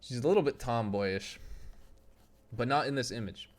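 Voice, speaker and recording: A man's voice: medium pitch, normal speed. A young adult man hosting a casual game live stream. He reads out and answers chat in a loose, joking way and laughs often. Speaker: gaming streamer.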